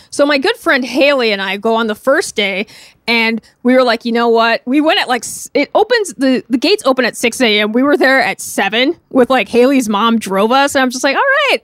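A woman from Minnesota, a guest telling a story in casual chat, animated and laughing often, with lots of "like" fillers. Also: a little high, dry recording, clean studio sound. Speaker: podcast guest, crop artist.

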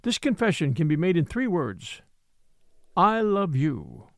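A man's voice: a little high, wildly swooping pitch, measured pace, a bit bright, no room sound, studio quality, full character voice. A man voicing a young female servant's solemn written confession. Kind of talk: audiobook letter reading.

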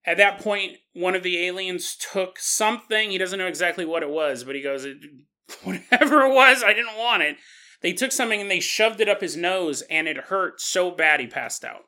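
A man hosts a paranormal podcast and retells the story in a casual, animated way. His voice is bright and sits a little high. He keeps the narration lively and conversational. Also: normal speed, few pauses. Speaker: podcast host.

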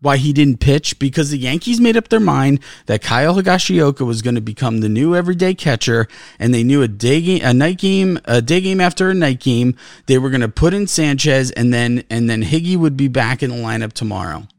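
Profane, animated man ranting about sports. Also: mid-range voice, a little fast, hardly any pauses, no echo, studio quality. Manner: profane, frustrated, repeats himself. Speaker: podcast co-host. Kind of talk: heated sports podcast rant.

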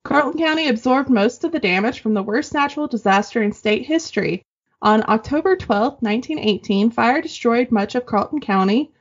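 A woman co-hosting a podcast, reading listener stories aloud in casual, animated chat and swearing freely. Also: fairly high pitch, fairly quick, slightly rough. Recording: dull lo-fi sound.

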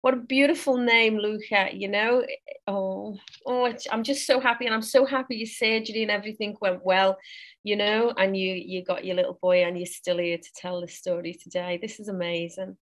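A woman's voice: medium pitch, steady tone, normal speed. A woman appearing as a psychic guest on a podcast, chatting in a gushing way and repeating herself. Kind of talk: warm conversational chat.

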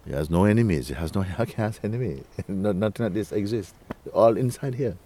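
A man with a low voice leads a spiritual talk for a gathering. His tone is dark and mellow. He speaks slowly and coaxingly, with soft chuckles and frequent checks of "you see?". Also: slight background noise. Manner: unhurried, coaxing, often asks "you see?". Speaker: spiritual teacher.

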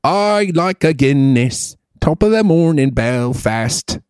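A man's voice: a little high, animated, slow, a little mellow, smooth, no room sound, clean studio sound, pitched above the performer's own voice. A man putting on a jovial, sing-song stage-Irish brogue as a cheery man. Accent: put-on Irish brogue.

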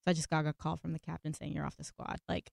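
A woman from Los Angeles, an actress guest in a casual interview, talking in a chatty, animated way and laughing often. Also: deep voice, quick pace, creaky, dry recording. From Los Angeles, USA.

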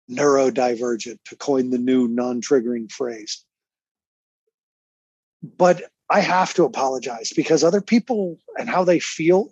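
A man's voice: medium pitch, darkish tone, husky, no room sound. A man in his fifties, reading a personal letter and then talking candidly as a guest, intense and emphatic. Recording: slightly dull, dry sound.

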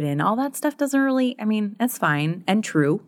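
A woman's voice: a little high, sing-song, measured pace, no room sound, studio quality. A woman in her thirties co-hosting a podcast, talking candidly in a chatty way with frequent laughs and many fillers. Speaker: podcast co-host. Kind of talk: casual conversation.

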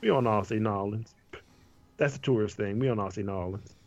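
A man from Louisiana, chatting casually as a podcast co-host, animated and emphatic, quick to laugh. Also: on the low side. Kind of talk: casual chat. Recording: slightly dull lo-fi sound.

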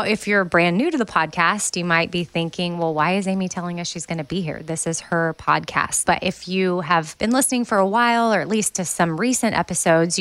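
A woman's voice: medium pitch, a bit bright, no room sound. A woman hosting her own podcast, talking candidly and from the heart in a casual, conversational way. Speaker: podcast host. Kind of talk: casual solo podcast talk.

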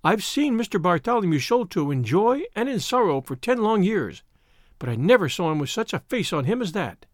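A man's voice: sits high, sing-song, fairly quick, no echo, clean studio sound. A man doing a frantic old housekeeper woman. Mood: distressed. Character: frightened old female housekeeper, hysterical.

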